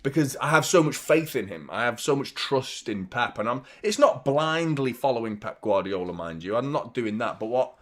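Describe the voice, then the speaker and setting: A man's voice: mid-range voice, expressive, normal speed, hardly any pauses, a bit bright. A man hosting a football fan channel, chatting live during a watchalong in a rambling, exasperated way and swearing casually.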